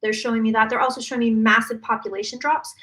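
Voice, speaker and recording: A woman psychic channeling predictions live, talking fast and emphatically with many restarts. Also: on the high side, flat delivery, a bit bright.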